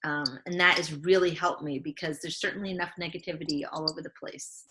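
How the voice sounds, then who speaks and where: A woman's voice: sits low, fairly even intonation, quick pace, noisy background. A woman lifestyle coach, a podcast guest, talking earnestly and reflectively, acting out the voices in her head. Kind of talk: conversational interview.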